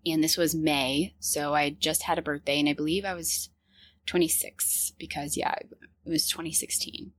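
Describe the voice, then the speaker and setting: A woman's voice: low voice, fairly even intonation, normal speed, no echo, studio quality. A woman in her thirties telling a personal story with many fillers and restarts. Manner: hesitant, lots of fillers and restarts.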